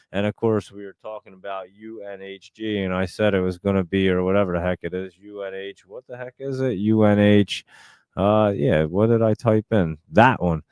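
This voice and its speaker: A man's voice: on the low side, a little mellow, clean tone, no echo, clean studio sound. A man hosting a live stream, chatting casually and rambling as he reads out and answers viewer comments.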